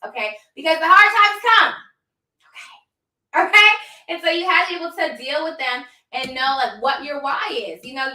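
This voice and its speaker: A woman's voice: on the high side, sharp tone, echoey room, far from the mic, rough recording. A woman hosting a casual livestream as a business coach, speaking emphatically and repeating points for stress while she talks straight to her viewers. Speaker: host, notary business coach.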